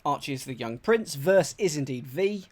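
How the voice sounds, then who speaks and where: A man from England talks his way through a crossword for a live audience, repeating clues under his breath and reacting with sudden bursts. His voice sits a little high and swings widely in pitch. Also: moderate pace. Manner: chatty and animated, thinks aloud, mutters clues, greets chat. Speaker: streamer solving a crossword. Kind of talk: live-stream chat, thinking aloud.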